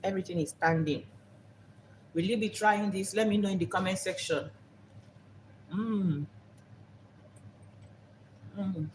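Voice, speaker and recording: A woman's voice: mid-range voice, brisk, slight background noise. A woman hosting a live cooking vlog, talking unhurriedly and repeating herself while she savors the food. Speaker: cooking show host.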